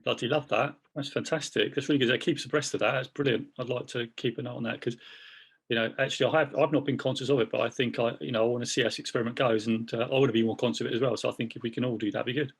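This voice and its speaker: Fast-talking, husky male co-host. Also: mid-range voice, steady tone. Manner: enthusiastic, quick to cheer others on. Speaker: podcast co-host. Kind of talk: casual podcast chat.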